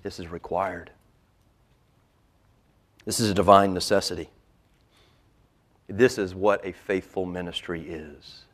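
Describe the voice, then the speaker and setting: A male pastor preaching a sermon, swinging from loud emphasis to hushed, whispered lines. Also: deep voice, steady tone, normal speed, long pauses.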